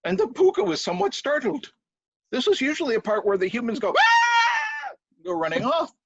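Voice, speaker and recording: Animated husky male storyteller. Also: very high voice, quick pace, dry recording, shouting. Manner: animated, with spoken sound effects. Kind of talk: live folk tale storytelling. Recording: dull dry lo-fi recording.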